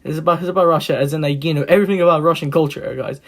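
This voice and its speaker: A hoarse man hosting a reaction video, rambling casually with many fillers and restarts. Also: a little high, fairly even intonation, very fast.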